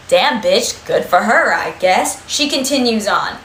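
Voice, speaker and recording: Sarcastic bright-voiced young woman, echoey room. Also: high voice, lively intonation, normal speed, few pauses. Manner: blunt, sarcastic, swears a lot. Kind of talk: casual storytelling to camera. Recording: echoey room with faint noise.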